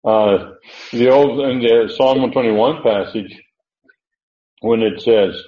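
A man teaching through a Bible passage verse by verse, thinking aloud with many pauses and restarts. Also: medium pitch. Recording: echoey room on a tinny, phone-like line.

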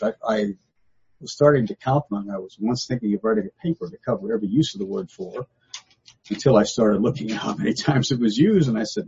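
An older man leading a folksy Bible study lesson, stressing small words and repeating them for emphasis, with a husky voice. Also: mid-range voice, very animated, fairly quick, darkish tone, dull audio. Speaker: Bible teacher.

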